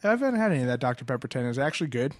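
Man, casual podcast host, crude joking banter, mid pitch, dry close sound. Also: sing-song, racing, no echo. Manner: laughs easily, crude banter. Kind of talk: casual chat.

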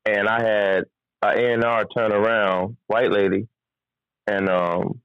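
Singer dude from virginia telling stories on a podcast, doing everyone's voices, squeaky disbelief, kinda dull dry audio. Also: male voice, measured pace, clean tone, dry recording. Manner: animated, mimics people, jumps into incredulous high-pitched outbursts. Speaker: singer and recording artist. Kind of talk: casual podcast storytelling.

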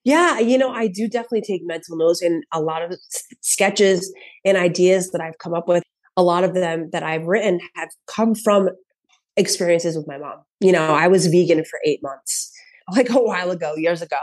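A woman's voice: lowish voice, moderate pace, a little mellow. A comedian in her thirties, a woman, telling casual stories as a podcast guest, acting out quotes and laughing often. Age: 30s. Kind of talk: casual storytelling chat.

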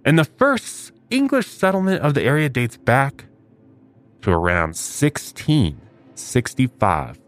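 A male podcast host narrating with theatrical, mock-serious drama. His pitch swings widely from line to line. His voice sits at a middle pitch. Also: very animated, slow pace, faint music behind.

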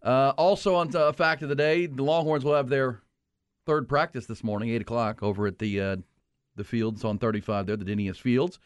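Guy hosting sports radio, chatty, mid pitch, dead dry studio. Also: steady tone, brisk, smooth, no echo. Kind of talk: casual sports talk.

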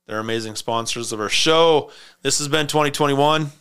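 A man hosts a podcast and tells a story in loose, casual chat. His voice sounds bright and forward, and he tells it in an animated way, laughing often. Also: mid-range voice, normal speed, clean tone. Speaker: podcast host.

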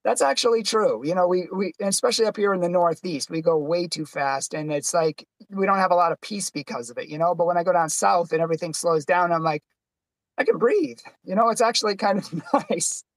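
A man's voice: fast, hardly any pauses, no echo. A young man chatting on a livestream, telling stories and acting out the quoted people. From Boston, USA. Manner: chatty storyteller, acts out quotes in higher voice. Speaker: podcast host. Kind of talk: casual livestream chat.

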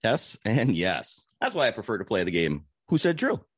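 Husky man doing a playful ad. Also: wildly swooping pitch, normal speed, dry recording, clean studio sound. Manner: playful salesy pitch. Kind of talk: comedic ad read.

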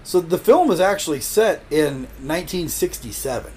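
A man's voice: on the high side, animated, moderate pace, a little mellow, slight background noise. A man co-hosting a casual podcast, sharing trivia in a hesitant way full of fillers and restarts. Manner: hesitant, lots of fillers and restarts, laughs easily. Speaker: podcast co-host.

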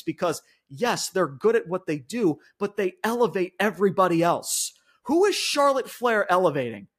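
Profane ranting man, high lively voice. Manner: frequent fillers and restarts like "like". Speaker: wrestling podcast co-host. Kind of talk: casual wrestling review chat.

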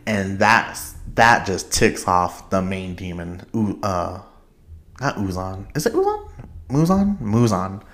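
Excitable young man rambling with laughs. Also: deep voice, slow. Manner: excitable, laughs often, rambling with many fillers. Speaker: podcast host. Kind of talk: casual chat.

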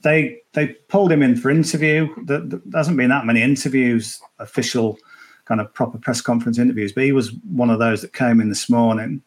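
A man with a medium-pitched, fairly even voice speaks briskly as a golf betting guest on a podcast, recorded remotely at the tournament venue. His casual chat rambles, full of restarts and filler words.

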